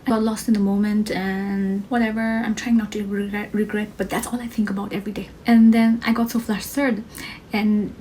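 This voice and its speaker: A young woman from the Himalayas telling an excited, self-mocking story in a casual vlog. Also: medium pitch, slight background noise, poor audio. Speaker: vlogger.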